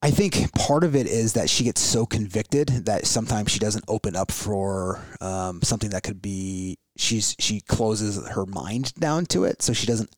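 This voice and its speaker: A man's voice: lowish voice, a little slow, few pauses, no room sound. A middle-aged man hosting a podcast, talking casually in a loose, rambling way with many fillers and restarts. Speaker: podcast host. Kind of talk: casual conversational chat.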